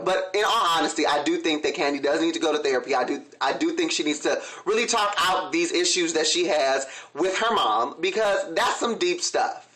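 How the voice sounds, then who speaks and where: Male vlog host, sassy and opinionated, with a high voice and casual delivery. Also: a bit bright. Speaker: vlog host recapping a TV show. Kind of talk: casual commentary.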